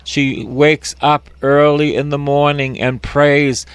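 A man's voice: on the high side, flat delivery, takes it slowly, smooth, no room sound. An older man, a priest, giving a folksy, emphatic Bible teaching and repeating key phrases.

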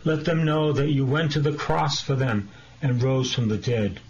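A man preaching a sermon as a priest, slow and earnest, pressing his listeners with direct questions. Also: mid-range voice, a little mellow, muffled recording.

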